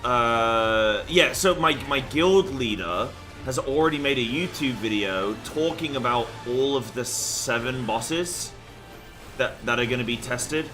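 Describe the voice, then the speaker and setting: A man's voice: mid-range voice, a little slow, over music. A young man chatting loosely on a game stream, rambling with fillers and the odd swear word. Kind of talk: casual live-stream chat.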